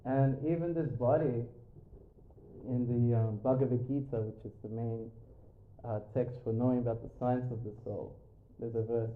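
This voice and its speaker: A man's voice: mid-range voice, fairly even intonation, normal speed. A man giving a jokey, chatty spiritual talk to an audience in a yoga studio, full of fillers. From Australia. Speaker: spiritual speaker. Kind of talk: lecture with audience banter. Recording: echoey room, tinny phone-like sound.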